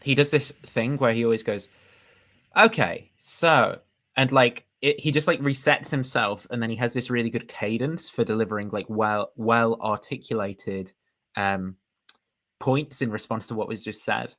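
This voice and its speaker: A man's voice: mid-range voice, fairly even intonation, normal speed, fairly bright tone. A man hosting a casual review of a recorded discussion, rambling and chatty as he comments. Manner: rambling, chatty, laughs at himself.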